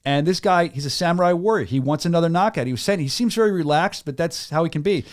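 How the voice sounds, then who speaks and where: A man with a Philadelphia-area accent hosting a casual chat, enthusiastic and full of quick restarts. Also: on the high side. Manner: enthusiastic, rapid, stumbling restarts. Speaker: host.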